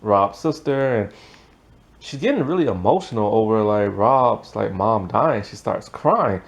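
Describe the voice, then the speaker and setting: A man's voice: lowish voice, lively intonation, a little slow. A man giving a casual, rambling recap of a TV episode, peppered with "like" and laughing at the plot. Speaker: TV show reviewer.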